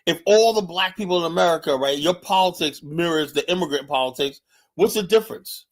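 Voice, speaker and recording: Male streamer, heated political rant, profane and combative, repeats himself, slightly high voice. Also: a little fast. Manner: challenges viewers directly. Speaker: livestream host. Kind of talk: heated political commentary monologue.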